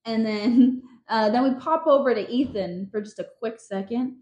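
A woman's voice: a little high, moderate pace, warm tone, lo-fi sound. A young woman casually recapping book chapters on a podcast, chatty and full of fillers, laughing often. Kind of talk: casual chat. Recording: echoey room.

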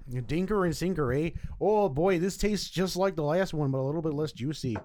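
A man's voice: fairly high pitch, a little fast, darkish tone. A man co-hosting a casual beer-tasting chat, goofy and full of playful banter. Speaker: podcast co-host.

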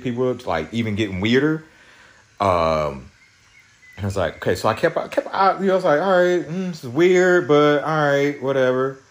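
A young man hosting a podcast, telling an angry story in a profane, agitated rant with many restarts. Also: lowish voice. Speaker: podcast host.

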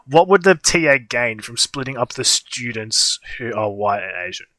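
A young man co-hosts a livestream, telling a long, meandering story in casual chat with plenty of fillers. His voice has a bright edge, and the recording is dry and close. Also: medium pitch, expressive, normal speed, dry recording. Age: young adult. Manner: rambling storytelling with frequent fillers. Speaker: livestream co-host.

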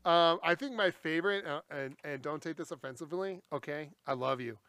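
Bright, higher-voiced man who laughs easily. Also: brisk. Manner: laughs a lot, easily amused. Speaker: podcast co-host. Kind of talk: casual podcast chat.

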